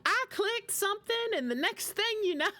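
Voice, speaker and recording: A woman's voice: very high voice, lively intonation, normal speed, bright, forceful tone, voice pushed up, full character voice. A woman voicing her flustered older Southern mother, a sweet, helpless mom with a thick Southern accent and a bewildered drawl.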